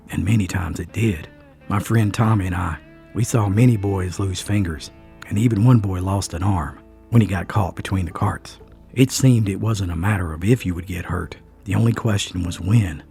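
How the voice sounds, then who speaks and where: A man's voice: deep voice, creaky, dark tone, husky. A man narrating a first-person story in an earnest, dramatic way.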